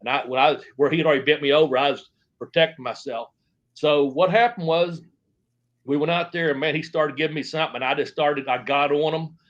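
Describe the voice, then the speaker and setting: A man's voice: fairly high pitch, fairly even intonation, brisk, a bit bright, muffled recording. A man, a former pro wrestler, telling stories in an interview, rambling with lots of fillers. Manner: rambling, filler-heavy, acts out quotes. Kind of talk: shoot interview storytelling.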